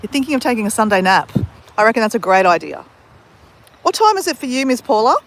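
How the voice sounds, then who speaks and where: Speaking a little high, very animated and quick, an Australian woman hosts a casual beach live stream at sunrise from the phone in her hand. She greets viewers by name as she chats and laughs often.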